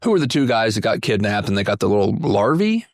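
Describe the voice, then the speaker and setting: A man co-hosting a casual movie review podcast, animated and given to sudden comic impressions. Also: fast talker, no echo, studio quality. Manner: animated, jumps into high-pitched impressions. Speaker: podcast co-host.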